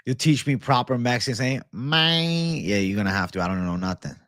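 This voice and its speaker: A man's voice: fairly low pitch, quick pace, dry recording, studio quality. A man hosting a casual livestream and answering viewer comments in a blunt, laid-back, profane way. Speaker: livestream host.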